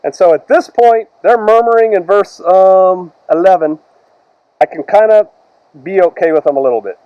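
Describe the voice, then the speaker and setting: A man preaching a sermon as pastor, reading scripture slowly and loudly, then retelling it in casual words. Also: high voice, smooth, no echo, muffled recording.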